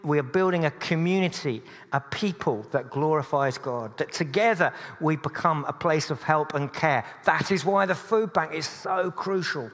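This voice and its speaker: A man's voice: fairly high pitch, moderate pace, hardly any pauses, fairly bright tone. A man preaching a sermon in a church, earnest but with dry humorous asides. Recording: long church reverb.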